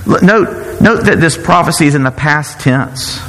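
A man's voice: fairly high pitch, lively intonation, fairly bright tone. Earnest male preacher in a reverberant hall. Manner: earnest, halting, repeats words while searching for them. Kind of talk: sermon.

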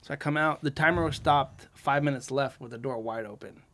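Animated man telling a spooky story. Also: mid-range voice, brisk. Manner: animated storyteller, acts out quotes. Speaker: podcast host. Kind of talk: casual storytelling. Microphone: podcast mic in a garage.

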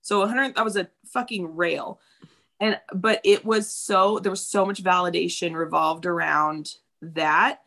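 Woman, 30s, gravelly fry, candid and profane in casual chat. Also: on the low side, fairly even intonation, unhurried, pushed and bright. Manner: candid, swearing freely, acts out quotes.

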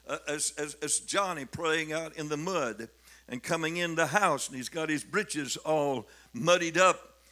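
This is an older man delivering a sermon. He preaches fervently in a bright, forceful voice that sits a bit high. He builds to emphatic declarations and often repeats his words. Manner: fervent, rising to emphatic declamation, with frequent repetitions. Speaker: bishop preaching.

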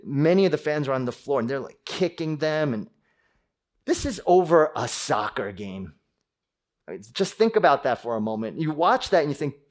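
A middle-aged man preaching a sermon as pastor, animated, acting out angry voices with sudden loud bursts. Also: a little high.

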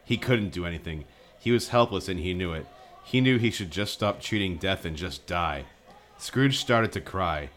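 Low-voiced man, casual comedy reader. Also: animated, normal speed, a bit bright. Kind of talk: casual comedic reading aloud.

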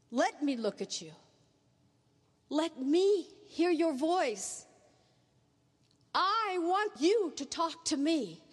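A woman preacher voicing God as a tender, loving male figure, speaking softly and slowly in coaxing words. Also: a little high, husky, voice pushed down, exaggerated voice. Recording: echoey hall reverb.

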